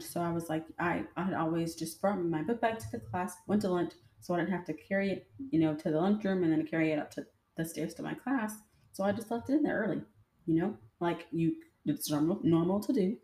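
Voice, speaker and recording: A woman's voice: lowish voice, dark tone. A young adult woman telling her own stories to viewers in a casual, rambling way, full of fillers. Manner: chatty, rambling, with many fillers. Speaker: vlogger. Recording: echoey room.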